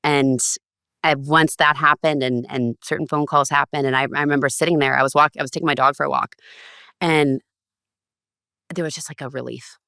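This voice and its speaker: A woman, a podcast guest, telling stories in a casual, animated way and acting out the lines of others with big jumps in pitch. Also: fairly quick, creaky, clear, resonant tone, no echo, clean studio sound. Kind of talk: casual storytelling.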